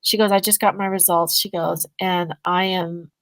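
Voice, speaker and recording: A woman, a guest on a podcast interview, telling a story in a casual, animated way and acting out both sides of the conversations. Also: fairly low pitch, moderate pace, no echo, rough recording. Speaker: guest, energy healing business owner.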